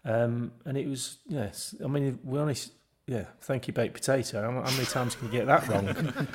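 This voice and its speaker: A man of mid pitch tells a podcast story in lively, rapid bursts, breaking into laughter often. He speaks as a former footballer recalling a funny moment, loose and chatty. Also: husky. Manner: animated anecdote-telling, laughing often, quick bursts. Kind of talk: casual chat.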